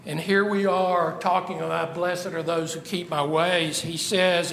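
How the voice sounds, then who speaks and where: A man's voice: high-pitched, fairly bright tone, reverberant, in a large hall, slight background noise. A man preaching a sermon, asking the listeners rhetorical questions and stressing points emphatically.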